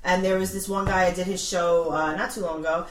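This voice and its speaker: A woman's voice: lowish voice, fairly even intonation, fairly quick. Woman comic, offhand delivery, echoey room with a crowd murmuring behind. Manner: dry, offhand and self-deprecating. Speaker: comedian. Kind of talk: casual podcast chat.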